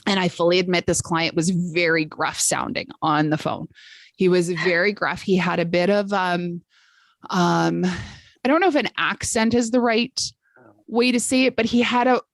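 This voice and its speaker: A woman's voice: on the low side, fairly even intonation, moderate pace, vocal fry, no room sound. A woman travel sales coach hosting a coaching call, telling stories in a chatty way with exclamations.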